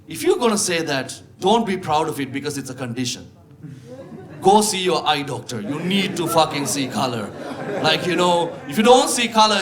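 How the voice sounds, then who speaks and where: A young man with a Sri Lankan accent performing live stand-up comedy, telling animated stories and punching up the lines loudly. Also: high-pitched. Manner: animated storytelling, shifting into loud exclaiming punchlines. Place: comedy club stage with live audience. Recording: live show with crowd laughter. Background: audience laughing.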